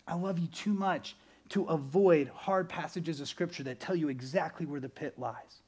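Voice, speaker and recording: A pastor with a high-sitting voice preaches a sermon at a normal speed. He's animated, swinging from loud bursts to quiet, earnest stretches.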